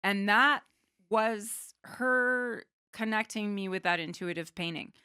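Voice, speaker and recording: A woman from Canada, a guest artist on a podcast, talking in an animated, casual way. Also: mid-range voice, takes it slowly, clear, resonant tone, no room sound, clean studio sound. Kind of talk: casual interview chat.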